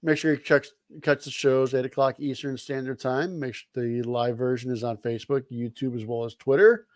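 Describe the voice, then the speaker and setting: A man co-hosting a podcast, doing an energetic outro plug with a joking tone. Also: medium pitch, moderate pace, dry recording, studio quality. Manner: energetic, reads off a list, joking. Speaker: podcast co-host.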